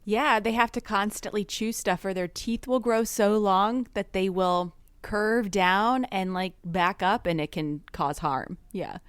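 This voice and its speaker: A woman's voice: medium pitch, clean tone, no echo. Easygoing woman podcaster, dry sound. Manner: easygoing, reasonable and quick to laugh. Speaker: podcast co-host. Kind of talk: casual podcast chat.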